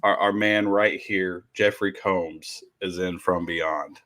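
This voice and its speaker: A man's voice: low voice, steady tone, slow, a bit bright. A man hosting a casual podcast chat, reading out list entries and swearing freely. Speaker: podcast host.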